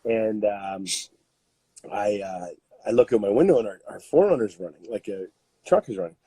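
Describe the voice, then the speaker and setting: A Canadian man in his thirties, a podcast guest who tells stories in a loose, animated way, with lots of fillers and laughter. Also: on the low side, moderate pace, slightly rough, no room sound. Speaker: podcast guest, strength coach. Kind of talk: casual storytelling.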